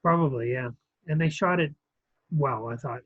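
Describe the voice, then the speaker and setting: A man's voice: mid-range voice, moderate pace, slightly rough, dry recording. A man chatting casually on a film podcast, circling his thoughts with frequent ums and restarts. His voice sits mid-range and sounds a little dull and lo-fi. The sound is dry, with no room around it. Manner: rambling, many ums and restarts. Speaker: podcast co-host reviewing films. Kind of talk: casual chat.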